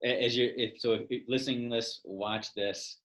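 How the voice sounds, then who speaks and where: A man's voice: mid-range voice, steady tone, moderate pace, a bit bright, slight background noise. A man hosting an education podcast, enthusiastic and affirming, with a playful streak. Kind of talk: casual interview chat.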